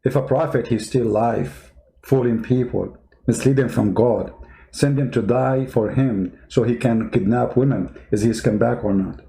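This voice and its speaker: A man's voice: medium pitch, moderate pace, gravelly, warm tone. A man with a strained voice, not a native English speaker, hosting a combative call-in debate and mocking his callers. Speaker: host of a call-in debate stream.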